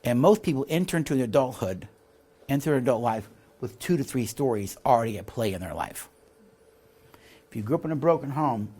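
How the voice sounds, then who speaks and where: Animated male leadership teacher. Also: mid-range voice, slightly rough. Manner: animated, asks the audience for agreement with "all right?" and "see?"; reads passages aloud from course text. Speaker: leadership instructor. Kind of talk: recorded teaching lecture.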